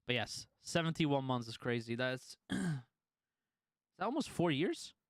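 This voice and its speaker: A man's voice: mid-range voice, big pitch swings, a little slow, dry recording, clean studio sound. A man streaming live, casually chatting to his viewers and telling a story, swearing freely and laughing often.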